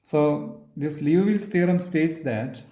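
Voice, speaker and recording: Slow, halting male physics lecturer. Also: on the high side, warm tone, reverberant. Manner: halting, many fillers, restates as he writes. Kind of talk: physics lecture while writing on a board.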